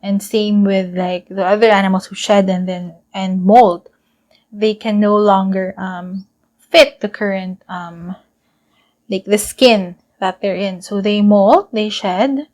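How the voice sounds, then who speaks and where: A woman's voice: medium pitch, steady tone, slow, darkish tone. A young woman giving a casual tarot reading to camera, chatty and rambling, laughing often. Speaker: tarot reader.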